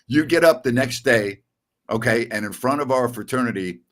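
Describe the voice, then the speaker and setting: A man's voice: medium pitch, normal speed, a bit bright. A man in his sixties from New York, hosting a podcast and telling rambling stories with chuckles. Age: 60s. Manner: rambling storyteller, chuckles often. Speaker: podcast host. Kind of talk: casual chat.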